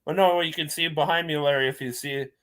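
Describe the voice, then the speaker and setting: A man in relaxed, casual chat, telling easygoing stories. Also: fairly high pitch, quick pace. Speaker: co-host.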